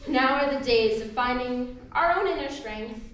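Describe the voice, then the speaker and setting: Woman doing a spoken word poem live, higher voice, big echoey room, far from the mic. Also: lively intonation, normal speed, fairly bright tone. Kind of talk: performed poetry reading. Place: live poetry event venue. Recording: very echoey hall, mic far off, faint noise.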